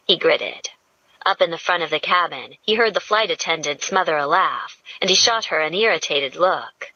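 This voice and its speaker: A woman narrating an audiobook in a slow, measured storytelling manner. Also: fairly low pitch, animated, sharp tone, no echo. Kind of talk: scripted narration. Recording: dull lo-fi dry audio.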